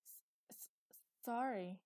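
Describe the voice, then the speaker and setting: A woman's voice: on the high side, slow pace, darkish tone, pitched above the performer's own voice. A woman voicing a terrified, starving little boy who stutters in a broken accent. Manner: stuttering, fearful.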